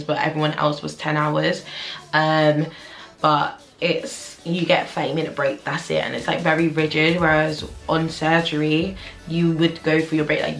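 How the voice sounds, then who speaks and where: A woman's voice: low-pitched, gravelly, a bit bright. A young woman, a junior doctor chatting candidly to camera in a casual vlog, with lots of "like". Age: 20s. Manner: candid, chatty, heavy use of "like". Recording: roomy echo with faint music.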